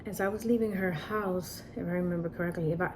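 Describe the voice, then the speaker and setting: A woman recounts something that happened to her in an earnest, casual way, circling back and repeating phrases as she goes. Her voice sits a little low. A faint hiss runs under the recording. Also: fairly even intonation, quick pace, darkish tone. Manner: repetitive, earnest, frequent restarts and "like". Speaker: storyteller recounting a personal story. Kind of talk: casual personal storytelling.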